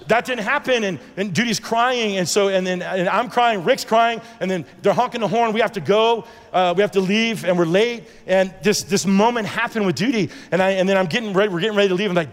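Speaking fairly quickly in a high voice, a man preaches his own faith testimony while a long reverb tail follows each line. His delivery is earnest and meandering, full of false starts and dialogue he acts out.

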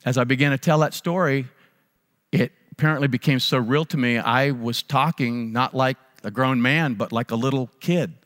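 A man's voice: mid-range voice, moderate pace, a bit bright. A man, a pastor, preaching a sermon and telling a personal story earnestly, repeating phrases for emphasis. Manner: earnest, repetitive emphasis, frequent restarts. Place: church sanctuary. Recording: long reverb of a large hall.

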